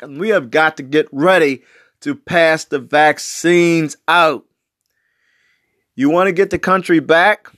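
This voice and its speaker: A man's voice: fairly high pitch, a bit bright, dry recording, clean studio sound. A man in his sixties from West Baltimore, delivering an emphatic political commentary monologue with repetitive, slangy phrasing. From West Baltimore, USA. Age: 60s.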